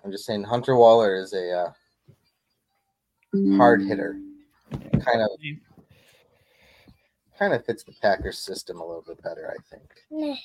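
A co-host in a relaxed sports podcast who chimes in with dry, wry asides. The voice is recorded close and dry, with little room sound. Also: low-pitched, unhurried, long pauses, no room sound, rough recording. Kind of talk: casual sports chat.

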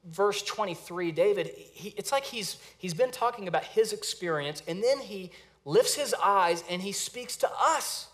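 A man with a slightly higher voice preaches a sermon. He is earnest and dynamic, stretching key words slowly and sinking to a hush for emphasis. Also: animated. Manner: earnest, varies pace and volume for emphasis, repeats phrases. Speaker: pastor.

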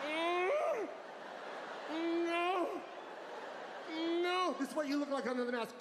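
Male stand-up comic, high-pitched, loud, foul-mouthed, shouty punchlines; live arena mic with crowd noise. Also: takes it slowly, long pauses, echoey room, big-room sound. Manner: profane, brash delivery. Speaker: stand-up comedian. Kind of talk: stand-up comedy. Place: large live arena stage. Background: audience laughter and crowd ambience.

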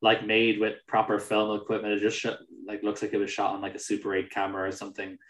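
Lively low-voiced man in a roomy space. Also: fast. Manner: animated, swears freely, acts out mocking quotes. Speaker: podcast co-host. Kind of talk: casual film discussion.

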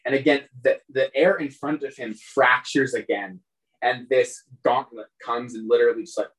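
A man's voice: medium pitch, fairly bright tone, poor audio. Man, game master, tabletop game narration, rambling, filler-heavy.

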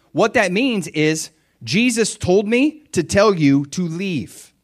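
A middle-aged pastor preaches a sermon directly to his congregation, animated and laughing often. His voice is high and his pace slow.

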